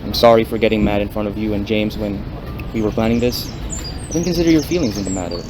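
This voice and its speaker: A man's voice: lowish voice, fast talker, lightly acted. A young man playing a remorseful Filipino husband. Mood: sincere. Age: young adult. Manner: sincere, apologetic. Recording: street noise outdoors.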